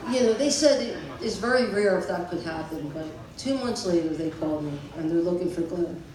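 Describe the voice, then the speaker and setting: A man in his sixties giving a tribute speech for his brother, telling stories in a halting way, with fillers and chuckles. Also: high-pitched, lively intonation, a little mellow. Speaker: family member giving a eulogy. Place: memorial gathering in a large hall. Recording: echoey hall from far off, noisy.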